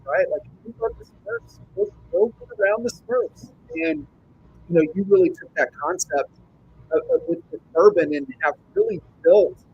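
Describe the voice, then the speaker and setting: A man hosts a podcast and talks with eager enthusiasm, winding through long questions before he gets to the point. His voice is a bit high for a man. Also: breathy edge, highs cut off. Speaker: podcast host. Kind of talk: conversational interview.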